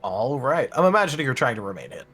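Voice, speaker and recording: A man narrating as game master in a tabletop game, in a relaxed, unhurried way. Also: medium pitch.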